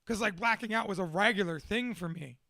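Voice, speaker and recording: A man's voice: high voice, fairly quick, vocal fry, sharp tone, dry recording, clean studio sound. A man giving a candid, profane and self-deprecating personal talk to a small audience, laughing often as he speaks. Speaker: motivational speaker.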